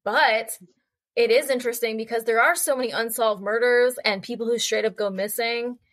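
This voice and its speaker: A young woman guest on a podcast, telling animated, chatty anecdotes and acting out voices as she goes. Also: on the high side, moderate pace, no echo. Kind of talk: casual storytelling conversation.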